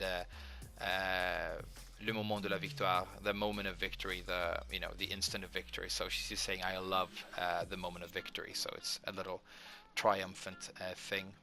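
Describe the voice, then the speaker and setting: Man, hoarse voice, low-pitched, hesitant filler-heavy rambling, gaming commentary. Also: flat delivery, normal speed, bright, forceful tone. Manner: hesitant, lots of filler words. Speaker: gaming video host.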